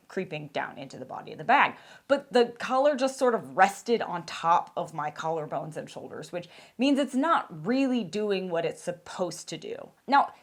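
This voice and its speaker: Woman doing a gear review voiceover, bouncy pitch, candid and a bit wry. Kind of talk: scripted review narration.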